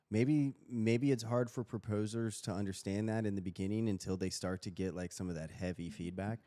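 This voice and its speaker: Casting: male livestream co-host, low mellow voice, relaxed, rambling and hedging. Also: a little fast, few pauses. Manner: laid-back, rambling, hedging. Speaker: podcast co-host. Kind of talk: casual livestream chat.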